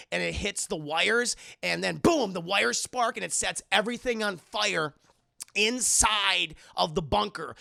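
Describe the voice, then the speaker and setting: Gravelly, excitable streamer recapping a film. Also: male voice, sits high, no room sound, studio quality. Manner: excitable and profane, keeps addressing the chat. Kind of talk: animated spoiler recap to a live chat.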